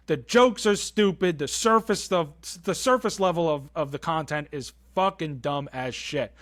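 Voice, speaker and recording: A young man co-hosting a film podcast, excitedly swearing and acting out movie lines in casual chat. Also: fairly high pitch. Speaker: podcast co-host.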